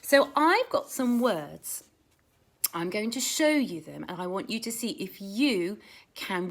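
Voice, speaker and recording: A woman teaching a phonics lesson to young children, sounding out letters slowly in a sing-song, exaggerated way. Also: medium pitch, lively intonation.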